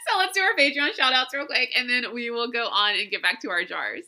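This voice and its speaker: Female podcast host, very bright tone, casual rambling monologue with frequent laughs. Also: fairly high pitch, brisk. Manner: chatty, rambling, laughs often.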